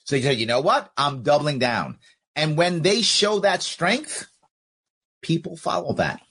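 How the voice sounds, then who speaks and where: A man's voice: on the high side, a little slow, fairly bright tone, husky. A man hosting a podcast, arguing his view with rhetorical questions and acting out both sides of an exchange as he reads out listener comments. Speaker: podcast host.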